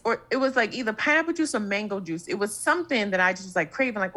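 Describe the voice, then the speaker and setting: A woman's voice: medium pitch, animated, a little fast, few pauses, bright, forceful tone. A woman with a New York accent, a comedian guest chatting casually and acting out other people's voices in her stories. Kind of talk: casual storytelling chat.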